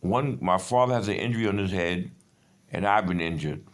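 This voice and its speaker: A man's voice: low-pitched, a little fast. Agitated, profane man in his fifties. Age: 50s. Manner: agitated, profane, digressive storytelling. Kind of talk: rambling personal monologue.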